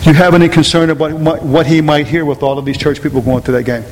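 A man's voice: on the high side, level tone, fast talker, a little mellow. A middle-aged man preaching a sermon in a casual, emphatic way, repeating himself to drive points home. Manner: emphatic, repetitive, conversational preaching. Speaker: pastor. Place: church sanctuary. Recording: reverberant church hall, faint noise.

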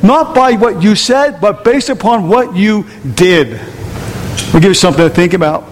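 A man's voice: sits high, moderate pace. A man preaching a sermon as pastor, emphatic and firing questions at the congregation. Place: church hall. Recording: reverberant hall with faint noise.

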